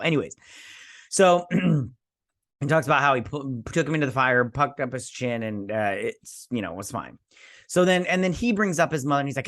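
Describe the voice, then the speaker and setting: A man talks through an episode recap in a loose, rambling way. His voice sits at an ordinary middle pitch, and he is heard up close with no room echo. His tone is sarcastic and he drops into mock voices to quote characters. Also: lively intonation, fairly quick, fairly bright tone. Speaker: host. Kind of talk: casual episode recap and review.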